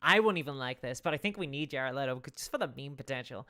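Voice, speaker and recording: A woman's voice: extremely low pitch, animated, quick pace, a bit bright. A woman hosting a live stream, chatting casually, rambling with restarts and thanking viewers for donations. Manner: rambling, with frequent restarts and fillers.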